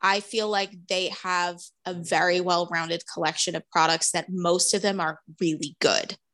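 A woman's voice: on the low side, fairly even intonation, normal speed, a bit bright. A woman interviewer and fellow hairstylist, chatty and upbeat in casual conversation. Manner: chatty, upbeat, uses "like" often.

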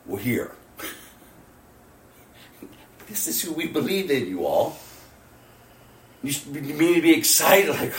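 Male pastor mid-sermon, swings loud to hushed, distant mic in a roomy hall. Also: a little high, lively intonation, a little slow, long pauses. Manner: swings from loud exclamations to hushed near-whispers, laughs often. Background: congregation responses.

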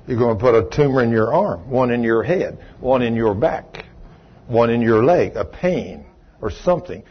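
A man, a pastor preaching a sermon, telling a story in a low voice and then rising loud and emphatic. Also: lively intonation, moderate pace, slightly rough, muffled recording. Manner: swings from low quiet telling to loud raised retelling. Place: church sanctuary.

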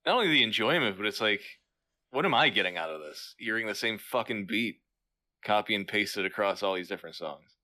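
Bright-toned man, teasing podcast co-host. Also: on the low side, animated, a little fast. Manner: laughing, teasing banter. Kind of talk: casual chat.

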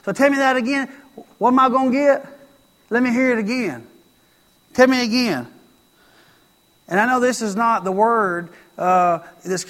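A man's voice: sits high, fairly bright tone, in a large hall. A man preaching a sermon, telling a story and acting out its lines, repeating phrases for emphasis.

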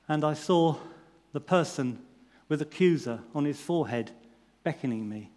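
Man telling a story in an echoing hall. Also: fairly high pitch. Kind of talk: first-person allegorical story reading. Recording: long reverb in a large hall.

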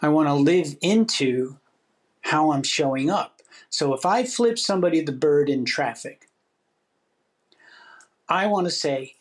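A man's voice: a little high, expressive, a little slow, pauses often. A man co-hosting a casual podcast chat, talking reflectively and acting out his own inner voice. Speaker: podcast co-host.

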